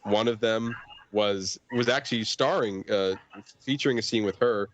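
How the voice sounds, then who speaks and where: A man's voice: fairly low pitch, normal speed, muffled recording, a little hiss or hum. A man chatting casually in a movie review podcast, rambling with many fillers and restarts. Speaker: podcast host or guest.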